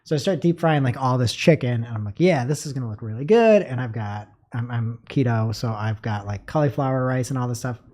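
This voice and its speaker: A man co-hosts a podcast and tells a long personal story in a casual, animated way. He rambles and fills gaps with "like" as he goes. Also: mid-range voice, fairly quick, hardly any pauses. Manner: animated, rambling, many fillers. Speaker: podcast co-host.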